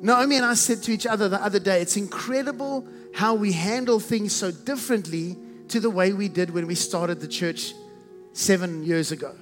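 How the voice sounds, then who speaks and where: A man's voice: high-pitched, moderate pace, fairly bright tone, in a large hall, soft background music. A man preaching a sermon as a pastor, earnest and stacking repeated phrases into building lists.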